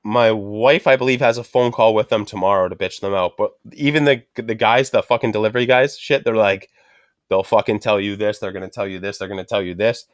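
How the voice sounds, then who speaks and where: A man's voice: fairly low pitch, steady tone, brisk, dry recording, clean studio sound. A middle-aged man telling a frustrated story in casual chat, swearing constantly and ranting. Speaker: podcast host.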